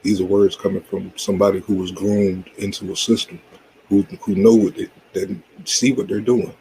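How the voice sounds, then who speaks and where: A man's voice: low voice, little pitch movement, moderate pace, mellow, slight background noise, rough recording. A man hosting a casual reaction commentary, laid-back and agreeing, often saying "you know what I'm saying". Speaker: channel host reacting to a clip.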